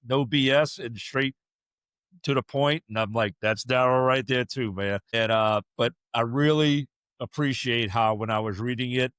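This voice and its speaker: A man hosting a podcast, chatting casually and warmly praising his guest with enthusiasm. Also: mid-range voice, moderate pace, clean tone, dry recording, clean studio sound. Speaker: podcast host. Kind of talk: casual chat.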